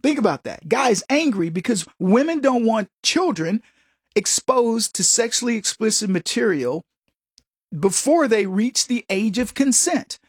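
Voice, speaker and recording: A man's voice: high-pitched, lively intonation, unhurried, slightly rough, no echo, clean studio sound. A male radio talk show host delivering a political monologue in a conversational, emphatic way, often chuckling at his own asides.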